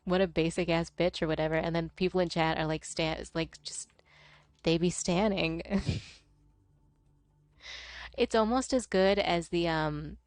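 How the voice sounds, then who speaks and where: A young woman streamer rambling through casual chat over a game. She swears freely and laughs often in a lowish voice. The sound is close and dry. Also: steady tone, measured pace, long pauses, no room sound. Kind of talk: casual chat while gaming.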